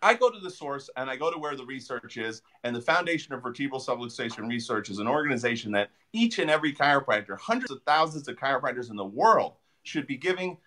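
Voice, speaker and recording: A man, a chiropractor guest, answering interview questions with animated storytelling and frequent fillers. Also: mid-range voice, quick pace, few pauses.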